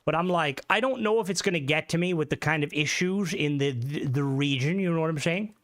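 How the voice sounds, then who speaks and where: A man's voice: fairly high pitch, a little fast, fairly bright tone. A young man hosting a casual live stream, rambling through stories and swearing often into a desk mic. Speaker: livestream host.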